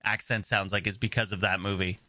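A man co-hosting a podcast in casual chat, animated and jokey, often laughing. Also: lowish voice, brisk, no room sound. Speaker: podcast co-host.

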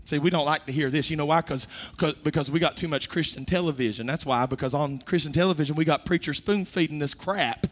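Preacher guy, fairly high voice, goes from hushed to loud and pleading. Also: fast talker, hardly any pauses. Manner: swings from low, quiet talk to loud, high-pitched preaching. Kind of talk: sermon.

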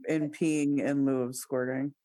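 A woman drops dry, deadpan one-liners in casual chat. Her voice is close and dry, with no room sound. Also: a bass voice, a little slow, no room sound.

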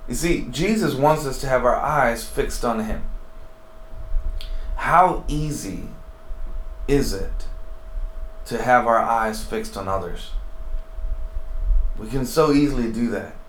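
A man's voice: medium pitch, takes it slowly, pauses often, fairly bright tone, a little hiss or hum. A man giving a conversational, earnest devotional sermon and talking to his listeners with frequent asides. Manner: conversational, earnest, many asides like "you know". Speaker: preacher. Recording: roomy echo.

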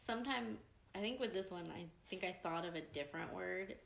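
A young woman co-hosting a podcast chats casually and reads quiz questions with a laugh, a playful quizmaster. Her voice is on the low side, creaky and fairly quick, in an echoey room with faint hiss.

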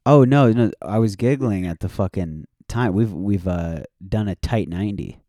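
A man with a low, mellow voice hosts a casual podcast. He swears freely and laughs a lot as he jokes around. The sound is dry and close. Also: lively intonation, moderate pace, no room sound. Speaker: podcast host. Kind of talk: casual chat.

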